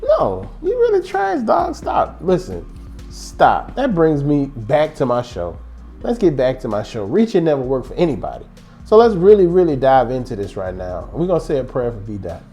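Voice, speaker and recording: A sports vlog host rambles and jokes his way through a casual basketball fan show, his medium-pitched voice animated and at normal speed. Soft background music sits beneath him.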